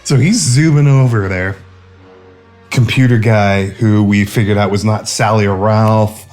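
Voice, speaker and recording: A man's voice: fairly low pitch, a little slow, a little mellow, soft background music. A man narrating a drunk comic retelling of a film, laughing and rambling as he goes. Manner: laughing, rambling, slurring asides.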